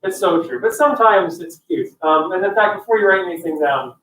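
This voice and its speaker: Casual man in his 40s, higher voice, easygoing teacher tone, roomy and a bit off-mic. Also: fairly quick, recorded from a distance, a little hiss or hum. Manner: relaxed, with fillers and restarts. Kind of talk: casual explanation.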